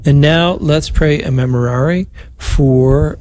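An older man, a priest, leading a rosary on air and talking with callers in a warm, chatty, consoling way. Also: on the high side, normal speed. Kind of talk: live rosary broadcast with callers.

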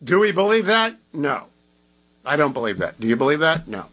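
A man's voice: a little high, sing-song, normal speed, fairly bright tone, slightly rough, low-quality recording. A man hosting a talk radio show, talking in an opinionated, emphatic, conversational way. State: groggy from medication.

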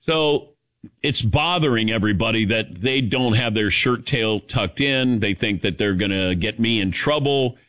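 On his talk radio show, the host spins a casual, meandering story full of fillers, delivered in an animated manner. His voice is lowish and his speed is normal.

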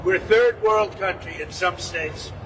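A man's voice: high-pitched, a little slow. A man making rambling, repetitive off-the-cuff remarks as a politician. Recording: distant mic with vehicle noise.

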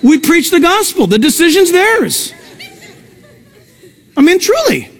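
A male pastor preaching a sermon with emphatic pitch jumps, breaking into conversational asides to the congregation. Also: very animated, measured pace, a faint crowd.

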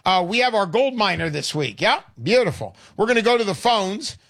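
A man's voice: sits high, lively intonation, moderate pace, creaky, a bit bright, no echo, clean studio sound. Brash hard-selling male show host. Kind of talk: call-in show sales pitch.

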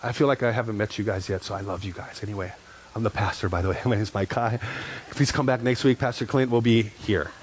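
A man's voice: lowish voice, quick pace, a little hiss or hum. Storytelling man pastor preaching. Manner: storytelling, acts out dialogue, repeats phrases for emphasis. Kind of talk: sermon.

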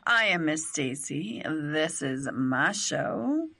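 Low-voiced lady radio host, lively pitch, teasing and swearing, studio chat. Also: takes it slowly, vocal fry. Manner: bold, teasing, swears casually.

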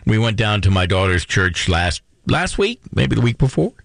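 Chatty middle-aged radio host, dry studio. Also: male voice, fairly low pitch, very animated, moderate pace, creaky, a bit bright, dry recording. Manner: chatty, rambling, many fillers. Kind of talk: casual radio commentary.

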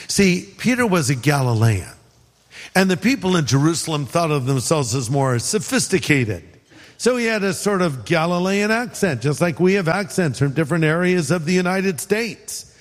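A man from California preaching a sermon, conversational and joking, slowing down for emphasis. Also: a little high, animated, big-room sound. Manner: conversational, joking, shifts between quick asides and slow emphasis. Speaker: pastor.

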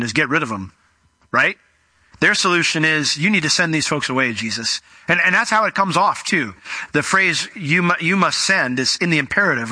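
A man preaching a sermon with a very bright, ringing voice that sits a little high. He talks in a conversational, animated way, acting out scenes as he teaches. The sound is close-miked and completely dry. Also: dry recording. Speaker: pastor.

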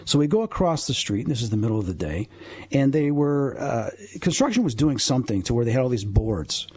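A man's voice: medium pitch, sing-song, brisk, darkish tone, husky. A man in his fifties, a paranormal investigator and medium, telling a story earnestly and with animation as a radio guest. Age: 50s.

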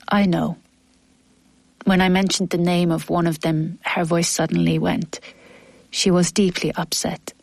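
A woman's voice: fairly low pitch, dry recording. A woman reading her personal diary entries aloud in a weary, earnest way.

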